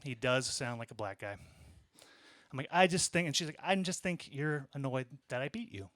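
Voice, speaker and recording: A man in his thirties telling a conversational story in a stand-up set, with deadpan asides. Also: medium pitch, normal speed, dry recording. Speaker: stand-up comedian. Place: small comedy club.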